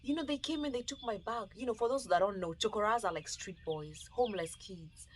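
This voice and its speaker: A woman with a Kenyan accent, telling an animated, emotional personal testimony and acting out the dialogue. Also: mid-range voice, fairly quick, slight background noise. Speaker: storyteller.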